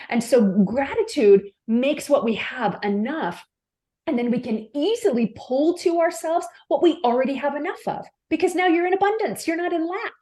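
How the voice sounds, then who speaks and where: A woman with a fairly high voice talks as a coaching guest on a podcast. She is emphatic and animated, and her pitch leaps up when she stresses a point. Her delivery is fluent and conversational. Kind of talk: podcast interview.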